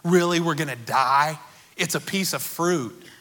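A man's voice: fairly high pitch, a little slow, pushed and bright. A preacher putting on the voice of a sly male serpent who tempts in a scoffing, wheedling, belittling way. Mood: coaxing.

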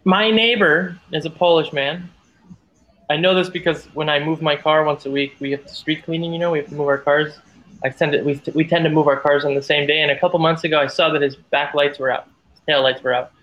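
A man's voice: fairly high pitch, fairly even intonation, brisk, a bit bright, dull audio. A man co-hosting a podcast, telling playful rambling stories in casual chat. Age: older. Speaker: podcast co-host.

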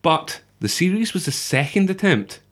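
A man's voice: a little high, very animated, normal speed, a bit bright. A man, co-hosting a podcast and reading out facts in a playful, mock-dramatic way. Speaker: podcast co-host. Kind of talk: casual chat, reading out facts.

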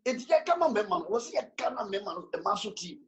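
A pastor preaching with great animation, his pitch swinging widely from low murmurs to high calls. He mixes English with Twi and breaks into sudden shouts and responses. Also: big pitch swings, brisk. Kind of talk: sermon mixing English and Twi.

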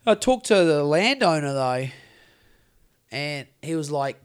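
With a slightly high voice, a somewhat slow pace and frequent pauses, a New Zealand man co-hosts a podcast in a clean-sounding recording. His casual storytelling is animated, rambling and full of swearing.

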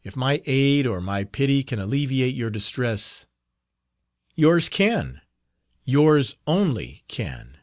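A man's voice: mid-range voice, big pitch swings, slow, no room sound, studio quality. A man voicing a middle-aged friar in an audiobook, speaking in an earnest, fatherly, reassuring manner. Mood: tender. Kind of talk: audiobook character reading.

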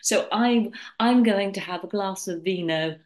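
A woman speaking as a panel guest on a casual radio chat. Her voice sits in a middle range. She talks in a playful, animated way and bosses the others about in jest. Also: medium pitch, unhurried.

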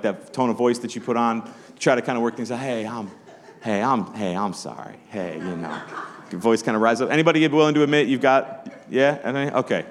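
A pastor preaching a Sunday sermon in church, conversational, acting out the voices of Bible characters as he tells the story. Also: lowish voice.

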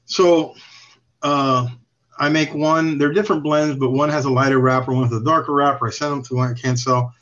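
Man, casual storyteller, rambling, profane, mid-pitched voice, muffled lo-fi sound. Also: steady tone, moderate pace, a bit bright. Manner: rambling, profane, chuckles through stories. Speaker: podcast guest. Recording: slightly dull lo-fi recording.

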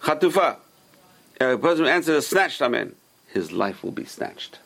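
A man's voice: mid-range voice, sing-song, normal speed, creaky, a bit bright. A man teaching an informal Torah class, explaining Hebrew sources and giving emphatic warnings.

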